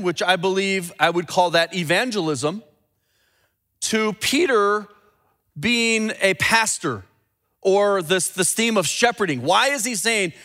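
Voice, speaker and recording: A man preaching a sermon as a pastor, teaching earnestly and dropping low and slow when he quotes scripture. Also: bright, forceful tone. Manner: repeats and restarts words when building a point.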